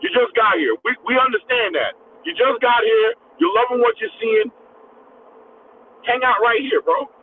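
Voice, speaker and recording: A man with a high voice calls in from his truck, his mouth numb from the dentist, and goes on an animated, scolding rant. He comes through on a tinny phone line with a faint hum of road noise behind him. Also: normal speed. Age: adult with kids. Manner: animated, scolding rant with rising pitch on emphasis. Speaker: caller. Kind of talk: call-in rant. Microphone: phone call.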